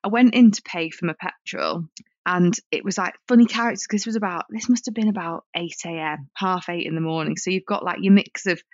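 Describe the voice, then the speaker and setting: A woman co-hosting a podcast, chatting casually and telling animated anecdotes, on a dull lo-fi recording. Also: on the low side, brisk, dry recording. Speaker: podcast co-host. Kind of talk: casual chat, storytelling. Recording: dull lo-fi sound.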